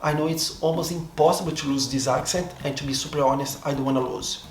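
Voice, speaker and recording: A man's voice: a little high, fairly even intonation, fast. Brazilian man musing in an echoey room. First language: Portuguese. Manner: reflective, hesitant, often restarts and rethinks his words. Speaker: vlogger. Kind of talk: casual monologue to camera. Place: seated in front of a camera. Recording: echoey room, faint background noise.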